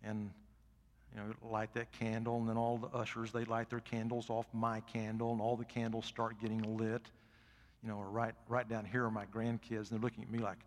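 An older man and pastor preaching a sermon in a church. He is folksy and swings from loud emphatic peaks to soft asides. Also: medium pitch, little pitch movement, brisk, in a large hall. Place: church sanctuary.

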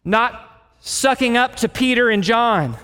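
A man's voice: very high voice, a little slow, sharp tone, smooth. A man preaching an expository sermon, reading a passage and acting out its quoted lines with emphasis. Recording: long hall reverb.

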